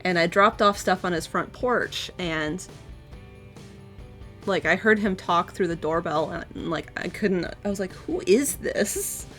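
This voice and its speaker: A woman co-hosting a live stream, chatting casually with relaxed, brief replies. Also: lowish voice, a little slow, faint music behind. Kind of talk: casual chat.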